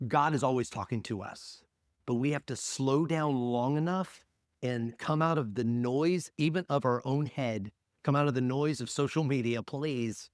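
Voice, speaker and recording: A male pastor delivers a sermon in a casual, conversational manner, his voice sitting at an ordinary middle pitch. He swings from loud, emphatic peaks to hushed near-whispers. The sound is dry and close, with little room echo.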